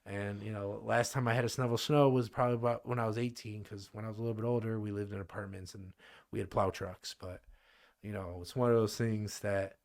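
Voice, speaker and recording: Low-voiced Midwestern man in his thirties. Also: steady tone, fairly quick. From American Midwest. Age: 30s. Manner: rambling, many fillers and restarts. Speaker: podcast guest. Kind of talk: casual conversation.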